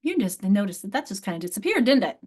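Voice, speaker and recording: Her medium-pitched, darkish voice swings widely in pitch and moves fast. The middle-aged literacy instructor is training teachers in a live online session on a video call mic, emphasizing explanations and repeating key words.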